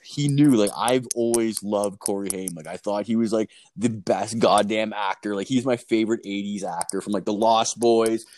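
A man's voice: fairly low pitch, steady tone, moderate pace, few pauses, darkish tone. A young man from Canada telling rambling stories in casual chat, full of swearing and fillers.

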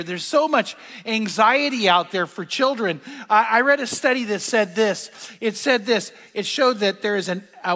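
A man's voice: sits high, sharp tone. An older man preaching a sermon, telling stories and asking the congregation questions. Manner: storytelling, asks the audience questions. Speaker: pastor. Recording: long hall reverb.

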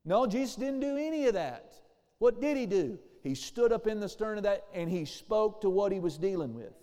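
A pastor preaches a sermon in a high, mellow voice with lively intonation at a normal pace. He calls out for amens and takes on the voices of those he quotes, his words echoing through a hall with a long reverb tail.

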